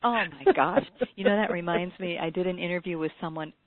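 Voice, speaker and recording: Woman co-host, lowish voice, animated storyteller, dry tinny phone-quality sound. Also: brisk, dry recording. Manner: animated storyteller, acts out quotes. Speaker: podcast co-host, former radio interviewer. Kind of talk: casual chat, anecdote.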